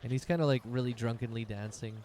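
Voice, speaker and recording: A man's voice: mid-range voice, steady tone, quick pace, warm tone, a little hiss or hum. A man narrating as game master of a tabletop game, rambling loosely with many fillers.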